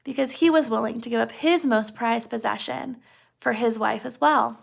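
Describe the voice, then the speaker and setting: A woman's voice: on the high side, normal speed, vocal fry. A young woman casually retelling a story as a lesson, chatty with frequent fillers and rhetorical questions. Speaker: teacher explaining a story.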